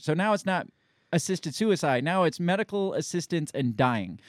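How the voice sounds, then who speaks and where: A man's voice: on the high side, expressive, moderate pace, no echo, studio quality. A man co-hosting a casual talk show, reading an article aloud and breaking in with incredulous, sarcastic comments. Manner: incredulous, sarcastic asides between quoted passages. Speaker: podcast co-host.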